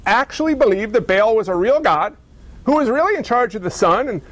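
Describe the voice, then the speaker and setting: A man's voice: sits high, expressive, fairly quick, fairly bright tone, no echo. A man preaching a sermon, retelling a story with humor and acting out the characters in mocking voices. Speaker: pastor.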